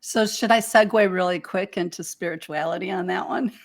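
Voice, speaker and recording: A woman's voice: on the low side, fairly quick. A woman from Detroit with a Detroit accent, chatting playfully and laughing often as a spiritual teacher co-hosting. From Detroit, United States. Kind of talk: casual chat.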